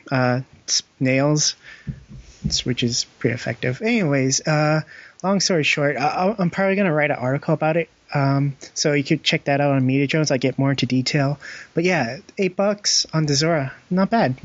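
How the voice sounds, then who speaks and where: A young man chats casually on a gaming podcast, his voice sitting a little high for a man. He rambles, stacking fillers and breaking into laughs. The sound is dry and lo-fi, with a muffled top end. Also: no room sound. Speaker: podcast co-host. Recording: dull, dry lo-fi podcast audio.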